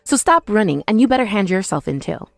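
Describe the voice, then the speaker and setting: A woman's voice: mid-range voice, sing-song, fast, gravelly, dry recording, clean studio sound, faint music behind. A woman voicing a young ex-wife who angrily accuses her former in-laws, in a text-message story drama. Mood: accusing. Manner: accusing, scornful. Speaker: main character, ex-wife.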